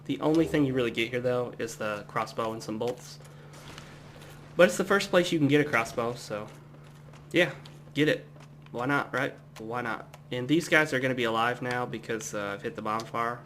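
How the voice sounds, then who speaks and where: Relaxed man rambling over gameplay. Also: medium pitch, normal speed, slight background noise. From United States. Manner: relaxed, rambling, chatty asides. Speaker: gameplay commentator. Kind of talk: casual let's-play commentary.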